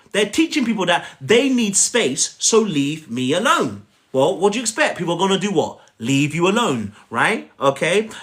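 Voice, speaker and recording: Speaking in a high, somewhat bright voice, a relationship coach addresses his live stream viewers directly. His coaching talk is emphatic and repetitive, and he has them repeat his words back.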